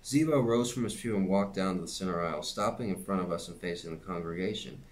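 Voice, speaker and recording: Man reading a novel aloud, low voice. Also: fast, slight background noise. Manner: steady reading with occasional slips and restarts. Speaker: reader and teacher.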